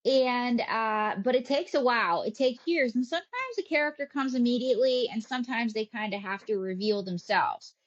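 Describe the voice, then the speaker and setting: A woman, a ventriloquist, talking casually as an interview guest with animated storytelling. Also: on the high side, normal speed, few pauses, muffled recording.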